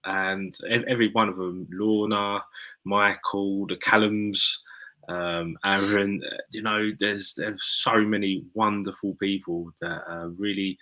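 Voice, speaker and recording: A man's voice: lowish voice, level tone, unhurried, bright, forceful tone. A man from England hosting a chat, telling a story in an earnest, rambling way. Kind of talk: casual chat.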